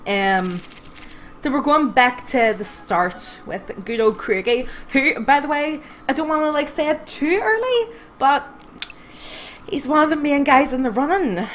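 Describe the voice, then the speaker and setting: A woman's voice: sits high, animated, unhurried, a little hiss or hum. A young woman streaming a game live, reading the dialogue aloud and commenting in a sardonic, swearing way.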